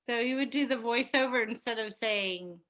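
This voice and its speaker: A woman's voice: a little high, moderate pace, fairly bright tone. A woman in casual chat with a friend, rambling and laughing often. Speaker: guest friend.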